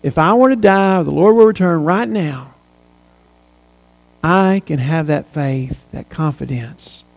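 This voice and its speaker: A man's voice: on the high side, measured pace, vocal fry, darkish tone, long reverb tail, low-quality recording. A man in his forties preaching a sermon as pastor, earnest and emphatic, repeating key phrases. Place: church sanctuary.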